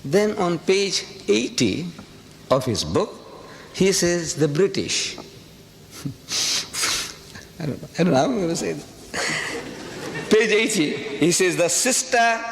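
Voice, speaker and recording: An older man from South Africa giving an impassioned, rhetorical lecture to a live audience, repeating phrases for emphasis. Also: fairly high pitch. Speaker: public speaker. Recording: echoey hall with faint hiss.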